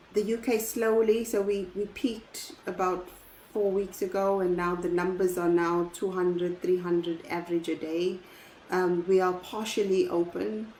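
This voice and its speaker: A woman's voice: mid-range voice, a little mellow. Reflective woman in echoey room. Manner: reflective, rambling, restarts sentences. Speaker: recruitment business owner, guest. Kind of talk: casual conversational interview answers. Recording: echoey room, faint noise.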